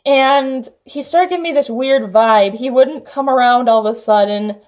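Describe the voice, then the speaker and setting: Young woman, high-pitched, casual storytelling vlog, chatty, filler-heavy. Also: normal speed, darkish tone. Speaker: vlogger.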